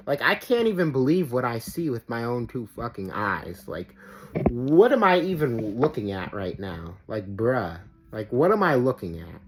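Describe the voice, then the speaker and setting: Over steady background noise, a man hosting a reaction video rants in a mid-range voice at normal speed. His commentary rambles, turns profane and exasperated, and is packed with "like".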